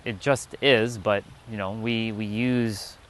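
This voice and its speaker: A man's voice: lowish voice, steady tone, slow, fairly bright tone. A man hosting a livestream outdoors, talking casually and with swearing about the mind and inner resistance, and reading the chat as he goes. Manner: casual, profane, storytelling. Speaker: livestream host. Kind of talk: spiritual talk to a live chat. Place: outdoors, sitting on a rock.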